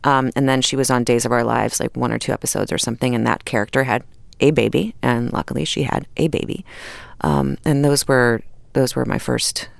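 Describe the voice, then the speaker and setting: A middle-aged actress chatting as a radio interview guest, rambling with fillers and restarts and laughing often. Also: female voice, rumbling low, a little fast, vocal fry, dry recording. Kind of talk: casual interview conversation.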